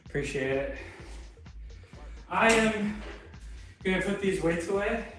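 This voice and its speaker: Higher-voiced man, unhurried, out of breath, home garage streamer, roomy and distant sound. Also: expressive, fairly bright tone, faint music behind. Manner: laid-back, chatty, greets viewers by name. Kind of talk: casual chat with live chat while lifting.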